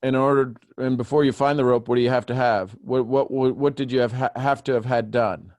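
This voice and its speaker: A man leads a group coaching session over a video call. His voice jumps up high when he gets animated and teases the group. The sound is dry and close, with no room around it. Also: a little fast, no echo. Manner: animated, teasing, questioning step by step. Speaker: host coaching callers.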